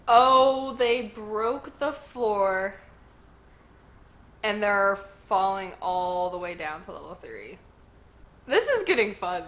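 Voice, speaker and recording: A woman hosting a casual manga read-along, chatty and excitable, reacting to each chapter. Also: fairly high pitch. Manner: chatty and excitable, lots of "like" and "y'all".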